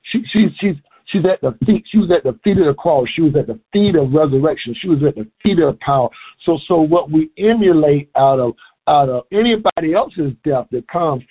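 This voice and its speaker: A man preaching a sermon, husky-voiced, who repeats words and restarts phrases as he builds a point. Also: a little high. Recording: tinny phone-like sound.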